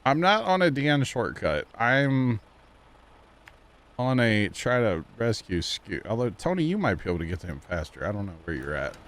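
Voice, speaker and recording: Chatty male game streamer, lively pitch. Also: moderate pace. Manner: chatty, jokey, talks to viewers. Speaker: livestream host. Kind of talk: casual gameplay chat.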